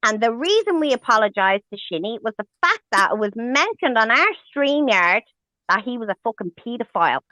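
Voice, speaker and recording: A woman's voice: a little high, sing-song, fairly quick, sharp tone, no room sound. A woman hosting a livestream, ranting angrily and swearing with heavy emphasis. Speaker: livestream host. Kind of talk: heated livestream rant. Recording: dull lo-fi stream audio.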